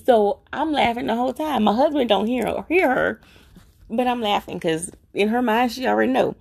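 Gravelly-voiced middle-aged woman telling a story. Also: a little high, a little fast. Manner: animated, acts out the voices of family members; chatty, repeats herself for emphasis. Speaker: vlogger telling a personal story. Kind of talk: casual storytelling.

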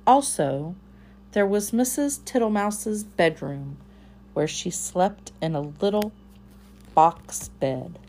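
Slow, mellow woman reading a storybook. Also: medium pitch, expressive, a little hiss or hum. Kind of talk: storybook read-aloud narration.

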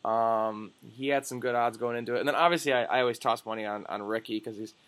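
A young man co-hosting a casual sports podcast, excitable and jokey, swearing often. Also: mid-range voice, fast. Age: young adult. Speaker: podcast co-host.

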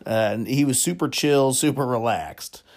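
A man's voice: medium pitch, lively intonation, normal speed, a little mellow. Chuckling man telling bar stories. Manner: rambling, chuckles often, lots of fillers. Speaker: podcast host. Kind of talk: comedic storytelling monologue.

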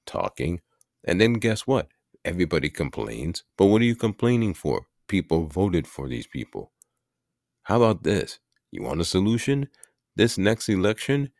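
A man's voice: extremely low pitch, creaky, dry recording, studio quality. A man hosting a podcast, talking through current issues in a rambling, irritated monologue with frequent restarts. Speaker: podcast host. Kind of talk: casual opinion monologue.

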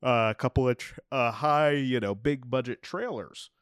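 Smooth-voiced, chatty man hosting a movie podcast. Rambling and quick to laugh, in a dry, close recording. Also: mid-range voice, dry recording. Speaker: podcast host. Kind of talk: casual movie-news chat.

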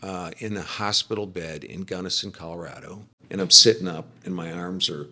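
A middle-aged man, a podcast guest, giving a personal faith testimony in casual conversation, telling it as an animated storyteller. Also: sits low, moderate pace, slightly rough. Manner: animated storyteller, acts out quoted speech.

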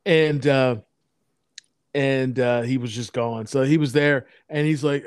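A man's voice: mid-range voice, steady tone, unhurried, smooth, dry recording, studio quality. A man telling long, profane anecdotes in a casual chat, rambling with many restarts. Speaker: storyteller in a podcast chat.

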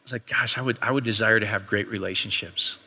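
A middle-aged man preaching a sermon as pastor, conversational, with quick asides and rhetorical questions. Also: on the low side, steady tone, sharp tone, breathy edge. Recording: long reverb of a hall.

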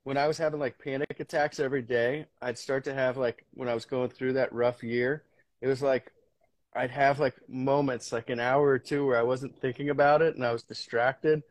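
A man's voice: medium pitch, steady tone, normal speed, dry recording. A man as a podcast guest, talking candidly with frequent restarts, casual swearing and earnest storytelling. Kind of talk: candid conversation.

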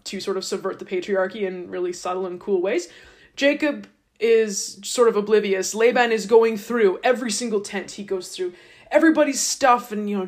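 A woman podcast host casually retelling a scripture story in a chatty, wry, irreverent way. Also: medium pitch.

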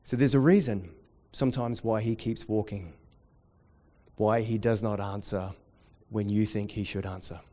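A man preaching a sermon, dropping to quiet intensity and rising to loud, excited storytelling. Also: lowish voice, normal speed. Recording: long hall reverb.

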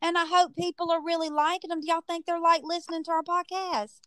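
A woman hosting a podcast, telling a story in a chatty, animated way and stretching words for emphasis. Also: extremely high pitch, quick pace, no room sound. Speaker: podcast host. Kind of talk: casual storytelling chat.

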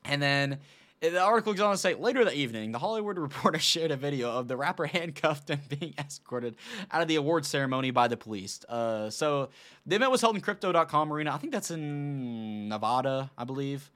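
Animated young-sounding male commentary host. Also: on the high side, a little fast. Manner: animated, laughing, lots of filler words and "dude". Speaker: show host. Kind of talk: casual commentary chat.

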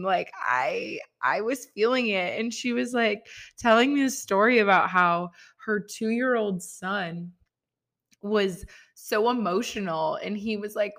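A woman's voice: medium pitch, unhurried, fairly bright tone. A young woman hosting her own podcast, talking casually and rambling along with lots of "like" fillers. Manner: rambling, chatty, full of "like" fillers. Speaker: podcast host. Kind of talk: casual solo podcast chat.

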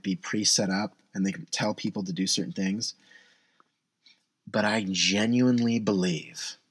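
Husky young man rambling to camera. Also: on the low side, fairly bright tone, no echo. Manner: rambling, self-deprecating, with many restarts. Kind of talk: casual monologue.

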